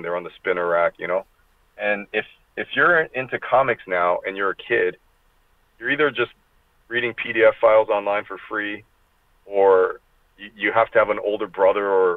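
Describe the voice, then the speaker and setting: A man's voice: on the low side, dry recording. A middle-aged man talking in a casual, rambling and profane way, as an interview guest speaking from his car over a video call. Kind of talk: casual chat. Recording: tinny call audio, dry.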